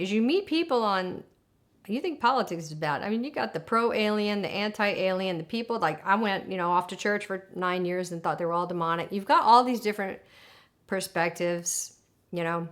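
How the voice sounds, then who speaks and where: A woman's voice: mid-range voice, a little fast. A woman interviewed for a documentary, telling a vivid, emotional story with hesitations. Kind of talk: documentary interview recounting an experience.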